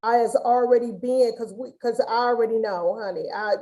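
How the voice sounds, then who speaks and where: A woman hosting a casual webinar interview on a video call. Her voice sits a little high with a soft, mellow tone. She talks in a rambling, chatty way, full of restarts. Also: normal speed, poor audio. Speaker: host.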